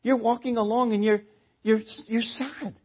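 A gently questioning male teacher, as a preacher puts him on, with a fairly high, slightly breathy voice. The recording is dull and lo-fi. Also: fairly even intonation, normal speed. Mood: concerned.

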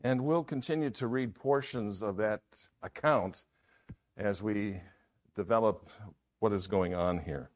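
A man's voice: fairly low pitch, a little slow, a little mellow. A man preaching a sermon in an earnest manner, often repeating key phrases.

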